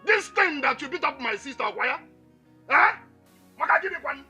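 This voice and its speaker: An actor with a Nigerian accent playing a hot-tempered young man who shouts and taunts his rival in a film. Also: very high-pitched, expressive, moderate pace, soft background music, exaggerated voice. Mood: taunting. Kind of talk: Nollywood film acting.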